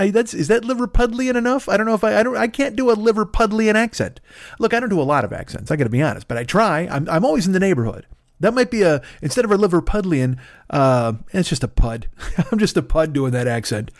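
A man's voice: high voice, lively intonation, quick pace. A man hosting a solo comedy podcast from his desk, rambling and interrupting himself with sarcastic asides. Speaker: podcast host. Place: at a desk in a home studio. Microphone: studio microphone.

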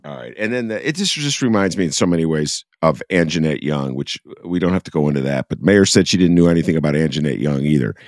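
A man hosting an interview talk show, animated and incredulous in his reactions. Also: very deep voice, quick pace, few pauses, no room sound, studio quality.

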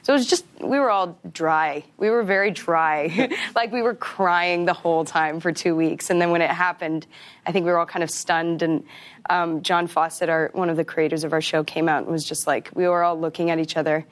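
Woman actor guest, lower register, chatty and giggly, casual. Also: steady tone, moderate pace. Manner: laughs often, chatty with many fillers. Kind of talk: casual interview chat.

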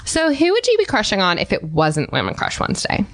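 A woman co-hosting a scripted comedy podcast, talking with a ditzy, wide-eyed deadpan delivery. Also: medium pitch, fairly quick. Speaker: co-host.

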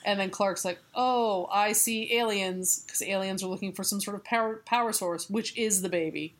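A woman's voice: mid-range voice, fairly quick, a bit bright. A woman co-hosting a comic book podcast, recapping a story in casual, sarcastic, profane chat and laughing often. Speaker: podcast co-host.

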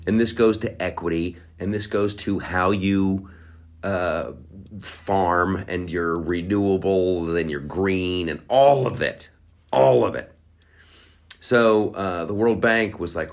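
A man's voice: low voice, unhurried. A man hosting a podcast, ranting in a crude, sarcastic, rambling way with lots of profanity. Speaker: podcast host. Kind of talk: crude comedic rant.

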